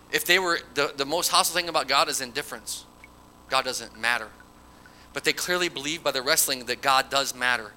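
A man's voice: mid-range voice, pushed and bright, slight background noise, poor audio. A man preaching a conversational sermon, reading scripture verses aloud with emphasis.

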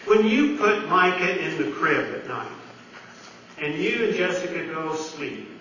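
Male pastor, bright higher voice, slow earnest delivery, distant and boomy church recording. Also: lively intonation, a little hiss or hum. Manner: earnest, conversational preaching with questions to the congregation. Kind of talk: sermon. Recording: distant roomy church sound, dull.

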